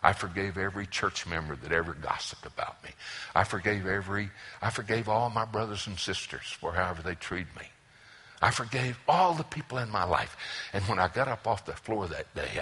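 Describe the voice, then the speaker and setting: A man preaching a sermon to his congregation as pastor, impassioned, swinging from loud emphasis to hushed whispers. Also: low-pitched, lively intonation, brisk, slightly rough. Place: church service before a congregation.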